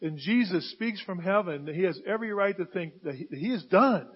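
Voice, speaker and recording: A man preaching a sermon, emphatic and building to loud, stressed bursts. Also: high-pitched, lively intonation, a little fast, slightly rough, dull audio.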